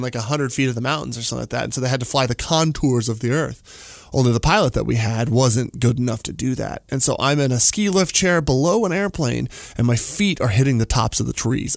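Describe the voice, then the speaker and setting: A man's voice: mid-range voice, creaky, dry recording. Rambling forty-something man, dry studio sound. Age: 40s. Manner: rambling, full of "like" and chuckles. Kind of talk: casual storytelling monologue.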